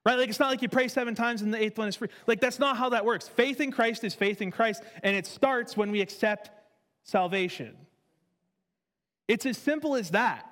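This is a church sermon with storytelling, given by a man in a relaxed, conversational style who repeats points for emphasis. He has a very high voice with a fairly bright tone and speaks at a moderate pace, recorded in a reverberant hall where faint music plays.

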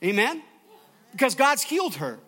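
A man's voice: very high-pitched, wildly swooping pitch, moderate pace, bright, forceful tone, husky. A man preaching a sermon as pastor, emphatic and calling out to his congregation for response.

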